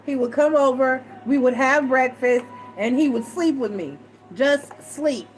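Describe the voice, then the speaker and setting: A middle-aged woman telling personal stories to a live chat, animated and acting out what others said. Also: sits high, normal speed, faint music behind, low-quality recording. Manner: animated, acts out quoted voices, frequent self-restarts. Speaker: tarot reader and live chat host. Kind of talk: casual storytelling to a live chat.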